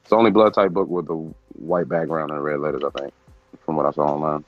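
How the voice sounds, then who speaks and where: A man's voice: rumbling low, quick pace, highs cut off, faint music behind. A man in casual chat with friends, laughing often as he reads out food lists from a book.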